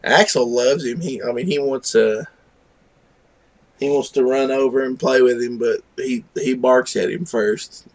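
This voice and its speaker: A man hosting a live stream, chatting casually and rambling in a laid-back, self-deprecating way. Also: unhurried. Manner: coos at his dog in high baby talk. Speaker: livestream host.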